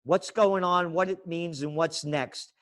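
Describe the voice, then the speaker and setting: A trends forecaster appears as a guest on a podcast interview, ranting in a fiery, sarcastic, impassioned way. His voice sits on the high side with a slightly bright tone, and he keeps a measured pace.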